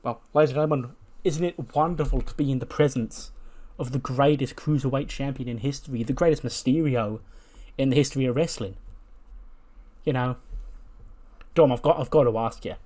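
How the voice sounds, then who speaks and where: A man's voice: medium pitch, a little fast, pauses often, a little mellow, natural voice. A man voicing a boastful, brash male wrestling talk-show host who calls people lad and stumbles over his words. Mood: cocky.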